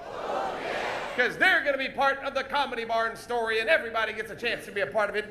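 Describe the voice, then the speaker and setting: A man hosting a live comedy show, teasing volunteers from the audience with loud stage patter. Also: high voice, slight background noise. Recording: echoey venue with music and crowd.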